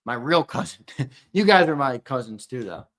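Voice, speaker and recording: A young man hosting a live-stream giveaway, chatting and teasing viewers in casual banter, with loud hyped countdowns between low mumbled asides. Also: animated, normal speed. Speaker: show host running a live-stream giveaway.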